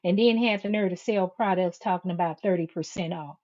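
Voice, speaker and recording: A woman's voice: lowish voice, brisk, mellow, dull audio. A woman hosting a live stream, reading viewer comments and firing back at critics in a confrontational way, calling her listeners "baby" over and over.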